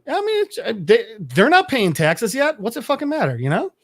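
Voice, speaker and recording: A man co-hosting a casual podcast, recapping a comic in an animated way, swearing freely and laughing at his own asides. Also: extremely high pitch, normal speed, no room sound. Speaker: podcast co-host.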